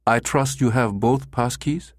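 A man voicing an impatient, imperious businessman who makes sharp, hissing demands in an audiobook. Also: medium pitch, measured pace, no room sound, clean studio sound, pitched above the performer's own voice, lightly acted. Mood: demanding. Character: middle-aged Japanese businessman, impatient, imperious.

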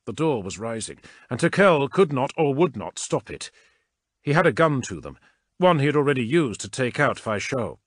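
A man narrating an action audiobook in a dramatic, expressive reading. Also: medium pitch, moderate pace, no room sound, clean studio sound. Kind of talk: scripted narration.

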